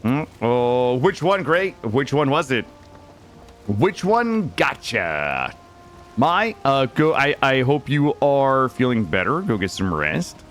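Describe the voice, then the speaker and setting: This streamer speaks slowly in a mid-range voice, with faint music behind him as he plays a game. He chats casually and rambles, swears freely while telling animated stories and greets chat members by name.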